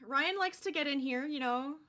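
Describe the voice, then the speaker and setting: A woman streamer chatting with her viewers while she crochets, bubbly and quick to giggle. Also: sits high, sharp tone, a little hiss or hum.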